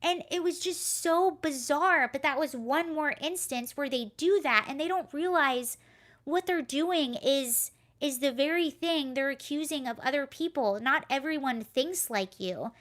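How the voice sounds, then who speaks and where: A woman with a high voice talks casually on her live stream. She rambles through a story, breaks off to answer comments, and speaks into a computer mic at home. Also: unhurried, a bit bright. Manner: chatty, rambling, reads chat aloud. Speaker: livestream host.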